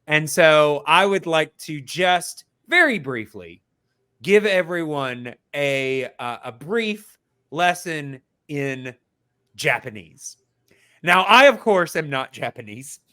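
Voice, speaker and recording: A man on a podcast giving a casual mock lesson, talking slowly and explaining step by step with lots of fillers. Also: fairly high pitch, expressive, sharp tone. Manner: slow, explanatory, many fillers and restarts. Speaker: podcast co-host.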